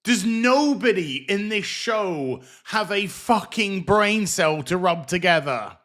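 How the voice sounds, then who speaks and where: A man's voice: medium pitch, sharp tone. A man giving a sarcastic, exasperated and profane review of a TV show. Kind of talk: ranting commentary review.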